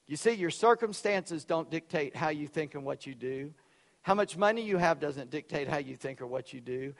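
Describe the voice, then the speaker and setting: Man, pastor, sermon, loud and emphatic, high voice, reverberant church hall. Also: expressive, moderate pace. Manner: loud, emphatic preaching with sudden drops to quiet.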